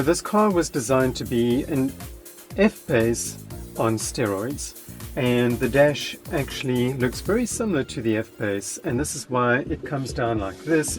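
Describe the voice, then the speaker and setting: A man giving a casual, conversational car review from inside a parked car. He speaks frankly and talks straight to his viewers. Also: mid-range voice.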